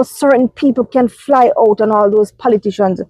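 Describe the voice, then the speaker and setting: Jamaican woman, casual car vlog on a phone, mellow tone, emphatic and repetitive. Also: a little high, moderate pace, no echo, rough recording. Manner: emphatic, repetitive, many fillers. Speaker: vlogger. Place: inside a parked car. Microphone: phone held in hand.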